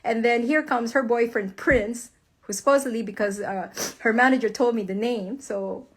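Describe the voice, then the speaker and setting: There's a little hiss or hum behind this woman's slightly high voice, which moves at normal speed. Very angry, she gives a heated, emphatic, profane rant to camera about her husband, speaking out online as a wife and calling her viewers "guys."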